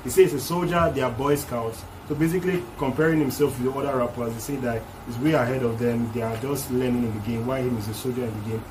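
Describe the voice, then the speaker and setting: A man's voice: medium pitch, steady tone, quick pace, few pauses, noisy background. Chatty man breaking down rap lyrics. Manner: explains lyrics line by line, loose and chatty. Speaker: reaction video host. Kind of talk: casual music reaction commentary.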